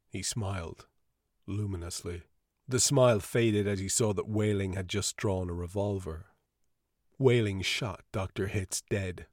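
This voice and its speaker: Low-voiced man reading a story. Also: no room sound, clean studio sound. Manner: even, measured reading. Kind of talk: scripted story narration.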